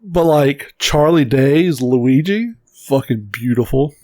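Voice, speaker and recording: A man with a mid-range voice co-hosts a casual podcast. He gives blunt, profane opinions and gets animated as he rants. The recording is close and dry. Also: mid-range voice, slow pace, no echo. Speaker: podcast co-host. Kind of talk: casual chat.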